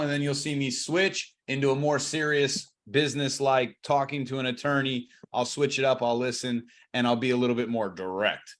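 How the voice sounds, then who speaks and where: A man coaching on cold calling, energetic and acting out both sides of the calls. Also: on the high side. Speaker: real estate coach.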